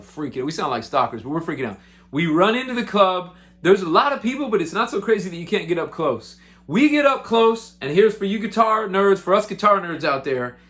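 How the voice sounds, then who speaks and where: A male musician with a fairly high voice tells road stories to the camera. His delivery is loose, excitable and chatty, often rising with enthusiasm. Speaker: musician and show host. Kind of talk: casual storytelling to camera.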